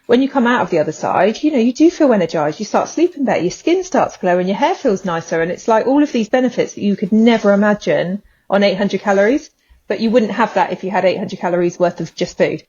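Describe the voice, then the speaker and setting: A woman's voice: medium pitch, animated, fast talker, a little mellow, breathy edge, muffled recording. A woman co-hosting a podcast, agreeably explaining points and backing up her partner in casual chat. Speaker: podcast co-host.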